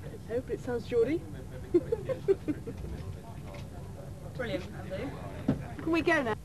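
Playful woman with a high voice. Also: lively intonation, quick pace. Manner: playful, mock-innocent. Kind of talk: jokey scripted banter.

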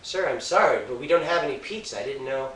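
A timid, apologetic fast-food cashier, voiced by a man answers hesitantly in a bright tone. The voice sounds distant in a roomy, echoey space, with a faint hiss behind it. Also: medium pitch, expressive, natural voice. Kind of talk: amateur comedy sketch.

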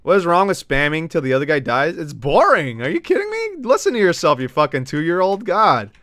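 A man's voice: on the high side, animated, fairly quick, a bit bright, no room sound. A man streaming a game, talking to his chat in a brash, teasing and profane way. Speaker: gaming streamer. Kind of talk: casual live-stream chat.

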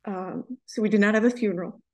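A woman client in a reading session who speaks hesitantly, with many pauses and ums. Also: medium pitch, a little mellow.

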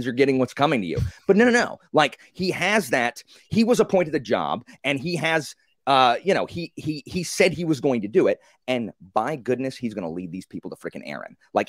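A man in a casual group book discussion, telling the story with animated, acted-out reactions and many fillers. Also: medium pitch, no echo, studio quality.

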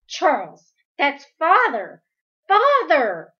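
A woman reading the part of a desperate teenage girl, pitching up into high, urgent pleading. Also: wildly swooping pitch, extremely slow, highs cut off, exaggerated voice.

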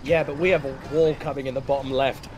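A man co-commentating a strategy game match on stream, excitable and often correcting himself. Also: mid-range voice, quick pace.

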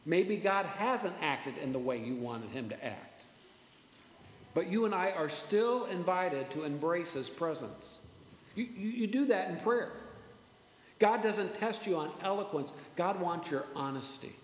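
A man preaching a sermon as pastor, earnest, repeating words and slowing down for emphasis. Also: sits high, lively intonation, slight background noise. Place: church sanctuary. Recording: echoey church hall with faint ambience.

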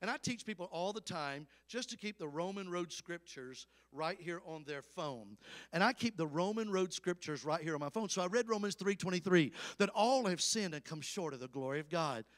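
A man's voice: high voice, animated, normal speed. A man in his fifties with a Southern Alabama accent, preaching a storytelling sermon with emphatic, folksy calls to the congregation. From Alabama, USA. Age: 50s. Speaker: evangelist preacher.

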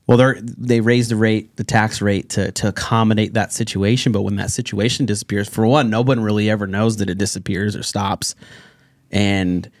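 A man hosting a local talk show, talking casually with a relaxed, sometimes sarcastic manner and frequent laughter. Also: on the low side, normal speed. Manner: easygoing, laughs often, sarcastic asides. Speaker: host.

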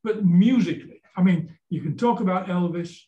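A Yorkshire folk singer-songwriter in his seventies, interviewed as a guest, rambles through anecdotes at normal speed, often repeating words. His voice sits high, captured in an echoey room with lo-fi sound, as he tells stories casually.

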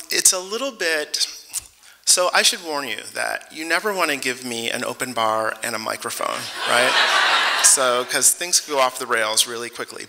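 A man's voice: medium pitch, sharp tone, slight background noise, low-quality recording. A man from Detroit accepting an award, joking and heartfelt, speaking in a chatty way to a ceremony audience. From Detroit, United States. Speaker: award recipient. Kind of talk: acceptance speech.

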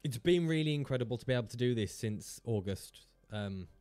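Male streamer, mid-pitched, chatty and rambling, dry close sound. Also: expressive, a little fast, darkish tone, dry recording, soft background music. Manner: rambling, chatty and self-mocking, swears freely. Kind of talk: casual live-stream chat.

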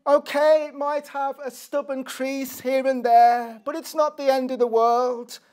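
A man's voice: extremely high pitch, flat delivery, measured pace, a little mellow, smooth. A middle-aged man preaching a sermon, earnest and posing rhetorical questions to the congregation.

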